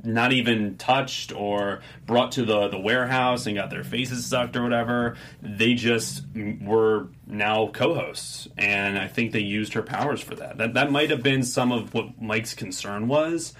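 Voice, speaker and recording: A man co-hosting a casual podcast, giving relaxed explanatory answers. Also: lowish voice, a little slow, hardly any pauses. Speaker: podcast co-host. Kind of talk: casual discussion of a TV show.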